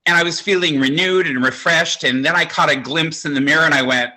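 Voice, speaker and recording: A man's voice: on the high side, brisk, bright, forceful tone. A man in his sixties doing a stand-up comedy set, with a campy, conversational, self-mocking delivery. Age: 60s. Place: home, virtual show.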